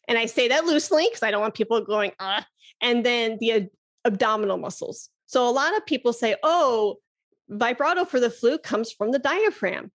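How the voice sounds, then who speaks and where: Casting note: a woman flute teacher as a chatty podcast guest, a bit higher-pitched, quick to laugh. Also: expressive. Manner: enthusiastic, chatty, laughs often. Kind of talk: casual podcast conversation.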